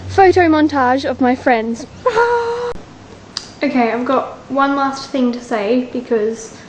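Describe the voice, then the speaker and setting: A woman's voice: sits high, a little slow, a little hiss or hum, poor audio. An Australian woman vlogging in a rambling, chatty, self-mocking way. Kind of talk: casual vlog chat.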